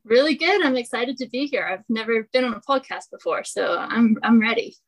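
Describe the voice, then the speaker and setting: A woman's voice: on the high side, expressive, a little fast, poor audio. Cheerful young woman, faint Scottish accent. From Scotland. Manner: cheerful, laughs often. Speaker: guest, long-distance hiker. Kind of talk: casual interview.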